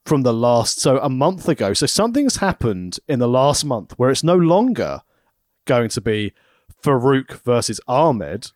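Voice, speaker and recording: A man's voice: mid-range voice, big pitch swings, a little slow, a little mellow, dry recording, studio quality. A man co-hosting a casual chat, making wry jokes. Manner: wry, jokey. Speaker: podcast co-host.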